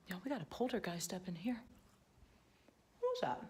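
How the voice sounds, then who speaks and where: An American woman vlogger chatting to camera in a casual, animated way, full of jokes and sassy asides. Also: medium pitch, moderate pace, a little hiss or hum. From United States.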